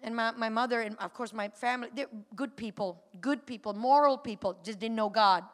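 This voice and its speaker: A woman giving a personal testimony to a church congregation, moving from a quiet retelling to fervent calls. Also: fairly high pitch, brisk. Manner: builds from quiet storytelling to fervent shouting. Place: church sanctuary. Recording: long church hall reverb.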